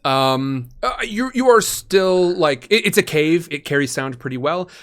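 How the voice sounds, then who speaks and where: A man's voice: fairly high pitch, animated, unhurried, a bit bright. A man narrating a tabletop role-playing game as game master, painting the scene in vivid detail with frequent ums and uhs.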